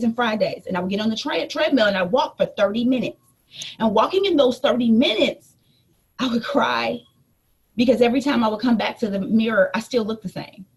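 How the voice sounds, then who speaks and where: A woman in her thirties, a life coach, telling a personal story in a lively motivational talk to her audience. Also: fairly high pitch, breathy edge. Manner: animated storytelling, addresses listeners as y'all.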